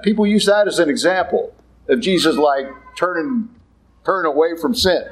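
Male priest, higher register, conversational sermon, blunt asides, acts out quotes. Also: animated, normal speed, rough recording. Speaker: Catholic priest.

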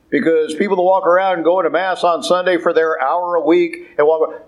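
A man's voice: on the high side, flat delivery, normal speed, rough recording. A man preaching a conversational sermon, emphatic and full of rhetorical questions.

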